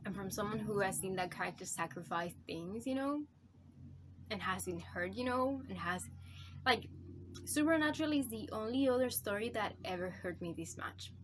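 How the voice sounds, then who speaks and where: A woman rambling through a casual video review at a mid-range pitch, heaping on swear words and fillers as she gushes. She gets emotional and sounds close to tears, and faint noise sits under her voice. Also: moderate pace. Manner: gushing, profane, rambling with many fillers. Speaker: book reviewer.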